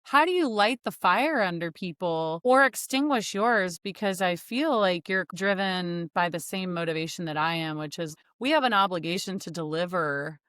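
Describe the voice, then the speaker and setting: A woman's voice: fairly low pitch, normal speed, hardly any pauses, a bit bright, smooth, dry recording, studio quality. A woman hosting an education podcast, engaged and asking long, framing questions. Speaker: podcast host. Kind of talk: interviewing.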